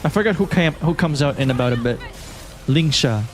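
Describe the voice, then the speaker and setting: A man's voice: a little high, a little fast. A man from Malaysia streaming a video game and chatting casually with his viewers. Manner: relaxed, chatty, reads and answers chat. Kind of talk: casual live-stream chat. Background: faint game music.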